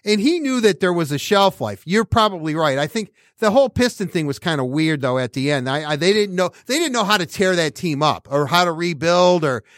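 A man's voice: fairly high pitch, animated, a little fast, few pauses, fairly bright tone, dry recording, clean studio sound. A man hosting a podcast in casual sports chat, rambling with many restarts and laughing as he talks. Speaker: podcast host.

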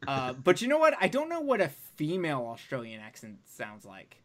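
A man's voice: on the high side, huge pitch swings, brisk. A man hosting a podcast in casual chat, loose and profane with lots of filler words. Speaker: podcast host.

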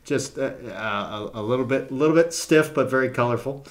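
A man in a casual podcast conversation speaks at an ordinary middle pitch. He tells anecdotes haltingly, with frequent fillers and restarts, and keeps the tone conversational. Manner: hesitant, many fillers, storytelling. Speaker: podcast co-host.

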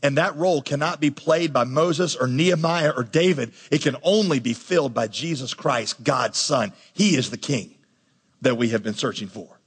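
A man preaching a sermon as pastor, swinging between soft low lines and raised, emphatic ones. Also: normal speed, breathy edge. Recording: long reverb of a large hall.

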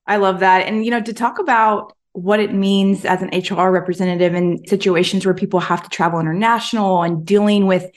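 A woman's voice: mid-range voice, fairly even intonation, fairly quick, few pauses. A woman hosting a podcast asks an interview guest questions in a conversational, encouraging way. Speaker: podcast host.

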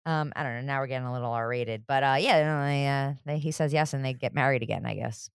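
A woman co-hosting a podcast, joking around in a casual chat with vocal fry. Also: rumbling low, quick pace, dry recording, studio quality. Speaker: podcast co-host.

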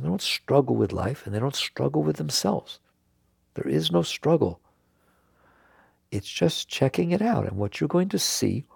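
A man giving an earnest spiritual talk to an audience, now and then laughing and jumping up in pitch for emphasis. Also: creaky, darkish tone, husky, dry recording, studio quality. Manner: earnest, laughs and jumps high when emphatic. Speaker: spiritual teacher.

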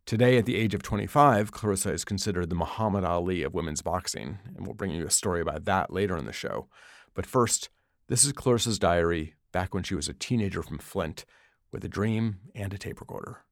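Low-voiced guy narrating a radio doc, steady and measured, dry close sound. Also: no room sound. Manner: measured, even storytelling. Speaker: radio documentary host.

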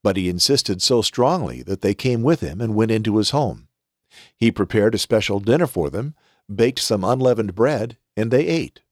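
A man hosting a podcast, reading scripture aloud in a measured, expressive way. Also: lowish voice, no room sound, clean studio sound.

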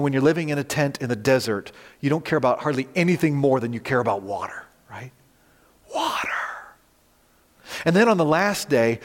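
A male pastor preaching a sermon, animated, rising loud on quoted words and turning to the congregation with conversational asides. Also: a little high, long reverb tail.

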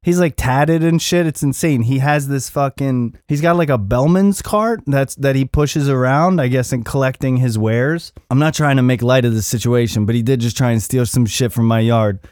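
A man's voice: mid-range voice, moderate pace, few pauses, darkish tone, dry recording, studio quality. Profane, rambling middle-aged man host. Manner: profane, rambling and self-mocking. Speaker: podcast host. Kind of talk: casual solo podcast rant. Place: Los Angeles area.

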